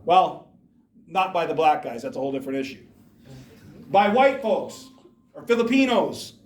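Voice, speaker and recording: A man's voice: fairly high pitch, big pitch swings, moderate pace, slight background noise. A man giving an emphatic motivational talk to students in a school hall, firing rhetorical questions at the audience. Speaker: speaker addressing students. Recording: echoey room from far off.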